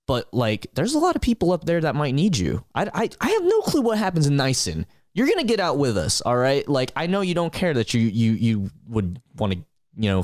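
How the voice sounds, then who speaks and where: A man's voice: medium pitch, dry recording, studio quality. A man playing a tabletop game, speaking earnestly in character with rambling restarts. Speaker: player.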